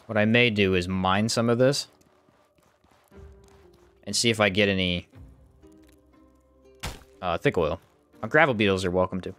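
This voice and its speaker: Faint music plays behind a man casually commentating his live game stream in an unhurried, fairly bright, clear, resonant voice with frequent pauses. He's chatty, reads out viewers' messages, reacts to the play, and his pitch leaps up at surprises.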